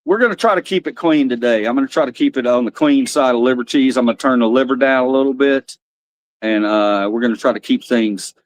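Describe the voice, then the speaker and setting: Male streamer, rambling and frank, mid-pitched voice, dry recording. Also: a little fast, no echo. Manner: rambling, blunt, swears freely. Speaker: livestream host. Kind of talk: casual livestream chat.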